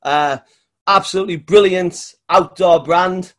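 A man's voice: sits high, unhurried, fairly bright tone. A man with a Northern English accent hosting a podcast interview, chatty and enthusiastic. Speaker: podcast host. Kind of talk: casual interview.

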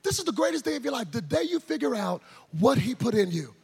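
A man preaching a sermon, telling a childhood story and then shouting and calling the congregation to answer back. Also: extremely high pitch, quick pace, vocal fry, husky. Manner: animated, shouting and call-and-response with the crowd. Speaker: pastor.

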